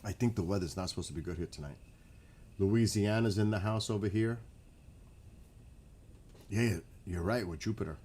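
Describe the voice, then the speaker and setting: Livestream host, New York accent, lowish voice, loose easygoing outdoor chat at night. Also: male voice, normal speed, pauses often, slight background noise. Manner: relaxed, rambling, chatty with viewers, often hushed. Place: outdoors at night in front of a rural house.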